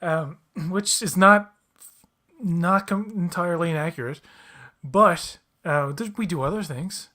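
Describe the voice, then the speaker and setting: Man, slightly high voice, swearing storyteller, casual podcast chat. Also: a little slow. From Newfoundland, Canada. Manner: animated, profane storytelling with mimicked quotes. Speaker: podcast co-host.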